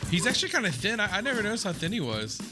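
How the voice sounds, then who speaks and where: Excitable American man, lively high voice. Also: rapid-fire, over loud music. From United States. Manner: excitable, gushing, laughs often. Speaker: reaction video host. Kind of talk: casual reaction commentary. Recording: loud background noise.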